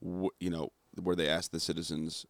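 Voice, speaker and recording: A man's voice: sits low, level tone, dry recording. A man co-hosting a podcast, firing off teasing jokes and questions in casual banter. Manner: teasing, rapid-fire jokes, laughs a lot. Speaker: podcast co-host.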